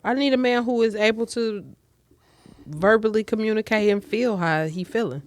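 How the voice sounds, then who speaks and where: A woman's voice: on the high side, normal speed. A young woman co-hosting a casual chat show, candid and blunt, telling stories with animation. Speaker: podcast co-host.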